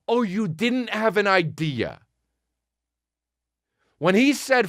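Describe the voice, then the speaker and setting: Animated, high-voiced man ranting. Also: a little slow, no echo, clean studio sound. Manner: sarcastic, swearing, mocking impressions. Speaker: podcast host. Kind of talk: comedic rant.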